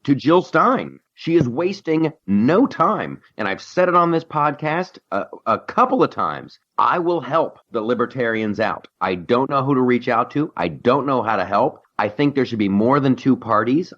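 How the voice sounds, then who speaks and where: A man hosting a podcast, chatting casually about politics in a joking, animated way. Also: mid-range voice, normal speed, few pauses. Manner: joking, animated, mimics others. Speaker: podcast host. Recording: slightly dull lo-fi sound.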